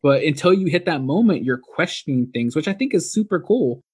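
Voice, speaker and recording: Young guy chatting about a horror movie, kinda high voice, lots of "like" and "you know". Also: animated, fairly quick, darkish tone, breathy edge. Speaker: podcast co-host. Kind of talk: casual movie review chat.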